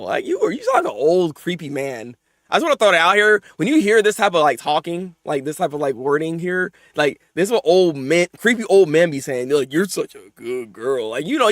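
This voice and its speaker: A man hosting a live manga reaction, talking in casual slang, often laughing and swinging between mumbled asides and loud excited outbursts. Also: high voice, no room sound, clean studio sound.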